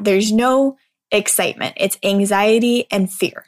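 This is an earnest woman giving a casual motivational talk at a mid-range pitch. She speaks like a mindset speaker in a conversational way. She keeps tossing a quick "right?" to her listeners.

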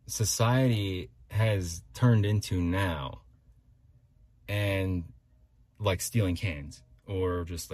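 Man, low husky voice, rambling solo podcast talk, restarts a lot. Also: a little mellow, no echo. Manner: rambling, restarts, talks himself through complaints. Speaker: podcast host.

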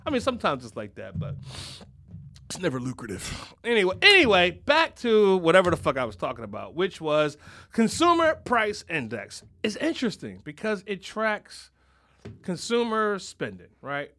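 A man co-hosting a comedic podcast, rambling and swearing, now and then bursting into shouts. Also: high voice, huge pitch swings, moderate pace. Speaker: podcast co-host. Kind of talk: casual comedic podcast rant.

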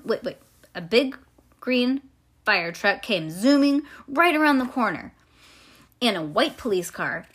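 A woman's voice: a little high, breathy edge. Woman reading a children's book aloud. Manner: lively, pauses to explain to the child. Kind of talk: storybook read-aloud.

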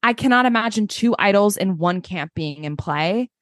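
Animated woman podcaster, dry close mic. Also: mid-range voice, normal speed, dry recording. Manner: animated, swears, acts out quotes in mocking voices. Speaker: podcast co-host. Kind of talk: casual chat.

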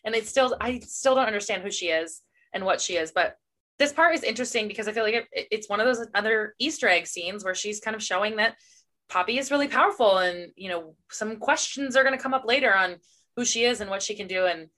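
Fast, bright-voiced bookish woman. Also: medium pitch. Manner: quick, enthusiastic, reacts with playful disgust sounds. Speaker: podcast co-host. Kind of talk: casual book chat.

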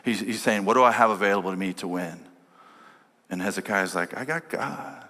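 A man's voice: low voice, steady tone, brisk, pushed and bright. A man preaching a sermon as a pastor, telling a story and quoting his family along the way. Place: church sanctuary. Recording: long church hall reverb.

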